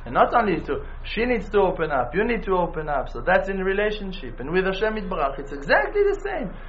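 Man, religious teacher, animated and repetitive, high lively pitch, slight background hiss. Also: fast, highs cut off. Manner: animated, repeats phrases for emphasis. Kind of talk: informal spiritual lesson.

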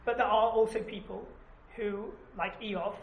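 A woman's voice: mid-range voice, fairly even intonation, a little slow, creaky, lo-fi sound. A woman teaching an informal class, chatty and often asking "right?" as she explains. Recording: echoey room, background noise.

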